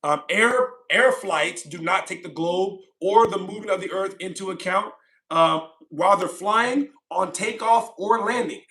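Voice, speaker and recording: A man's voice: high voice, unhurried. A man streaming live, reading chat comments aloud and mocking them combatively. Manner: combative, mocking, loud outbursts.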